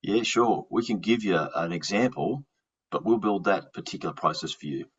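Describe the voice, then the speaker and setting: An Australian man talks in an easy, chatty way as a podcast host, stumbling over and restarting words. His voice sits low and breathy-rough. The sound is muffled and lo-fi. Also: animated, moderate pace. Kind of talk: casual interview chat. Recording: dull lo-fi sound.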